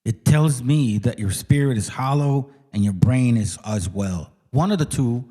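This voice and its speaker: Male host, casual reaction talk, mid-pitched, swears freely, combative and blunt. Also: unhurried, dark tone. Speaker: channel host.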